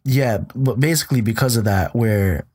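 A worn-out young man in his own podcast, chatting loosely and swearing as he rambles through a story. His voice is husky and breathy, at an ordinary pitch for a man, and he sounds short on sleep. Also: moderate pace, a little mellow. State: tired from lack of sleep. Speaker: podcast host. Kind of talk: casual podcast chat.

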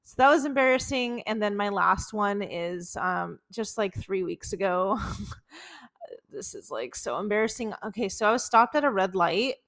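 A woman's voice: medium pitch, animated, moderate pace, a bit bright. A woman in her twenties co-hosting a podcast, telling embarrassing stories in casual chat, full of "like" and laughter. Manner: chatty, many "like"s, laughing while telling stories. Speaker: podcast co-host.

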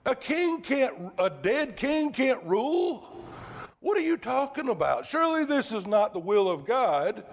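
A man's voice: extremely high pitch, sing-song, measured pace, pitched above the performer's own voice, exaggerated voice. A male preacher voicing an impetuous disciple who pleads in agitated, disbelieving questions. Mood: agitated pleading.

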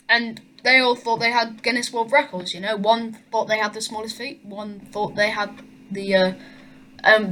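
Woman co-host, teasing, deadpan comebacks, a touch high. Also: low-quality recording. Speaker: podcast co-host. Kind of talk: casual teasing chat.

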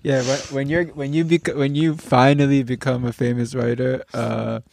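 Gravelly young man joking around. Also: medium pitch, steady tone, normal speed, a little mellow, no echo. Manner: joking, teasing, slangy. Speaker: podcast co-host. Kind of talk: casual chat.

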